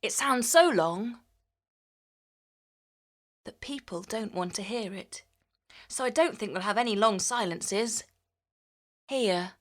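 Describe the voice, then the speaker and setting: Woman reading a kids story real slow, playful, stretches words out like sounds. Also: medium pitch. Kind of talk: children's story narration.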